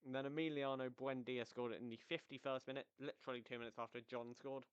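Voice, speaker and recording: Energetic man, smooth voice. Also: medium pitch, fast, dry recording, highs cut off. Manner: energetic, rambling with tangents. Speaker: football podcast host. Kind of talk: casual solo football recap.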